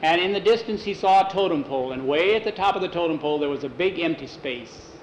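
A man with a slightly higher voice spinning an adventure tale in an easy, homespun way, stopping now and then to fix a word. It sounds like a home tape: roomy, dull and lo-fi, with a faint hiss. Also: quick pace. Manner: relaxed, homespun, self-correcting. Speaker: storyteller. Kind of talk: improvised adventure story read aloud.

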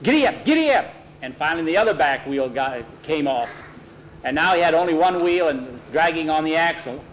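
A man tells a spoken story with lively delivery and slips into character voices. His voice sits a touch high, and faint ambience hums behind him. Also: fairly quick, slight background noise, rough recording.

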